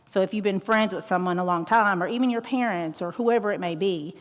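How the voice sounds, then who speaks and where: A woman's voice: medium pitch, brisk. Outgoing joking woman in an echoing auditorium. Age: 30s. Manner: outgoing, joking, keeps asking "right?". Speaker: guest presenter. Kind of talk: school talk on mental health. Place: large auditorium. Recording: long echo of an auditorium.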